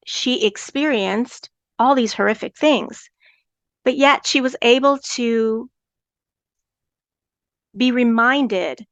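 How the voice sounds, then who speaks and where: A woman's voice: on the high side, no room sound. A woman hosting a podcast, speaking earnestly with stammered restarts. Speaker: podcast host. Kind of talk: podcast conversation.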